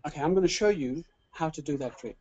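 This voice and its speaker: Upbeat male webinar host, dark tone. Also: fairly high pitch, fast talker, lo-fi sound, a little hiss or hum. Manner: showman, repeats words, stumbles when excited. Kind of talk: enthusiastic webinar presentation.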